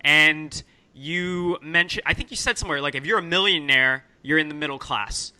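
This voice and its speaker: Young male interviewer, very bright tone, easygoing and filler-heavy, a touch high. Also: normal speed, clean tone. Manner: laid-back, filler-heavy with like and right. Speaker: interview host. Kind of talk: casual interview questions.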